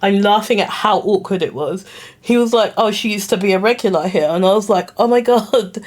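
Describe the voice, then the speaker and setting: A woman's voice: medium pitch, brisk. Giggly chatty young woman. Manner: chatty, giggly, self-conscious. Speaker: vlogger. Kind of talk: casual storytelling to camera.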